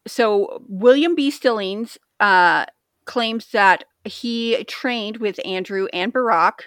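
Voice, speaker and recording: A woman's voice: mid-range voice, a bit bright, dry recording, studio quality. A woman co-hosting a podcast in casual chat, rambling and jokey, often stumbling over words. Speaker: podcast co-host.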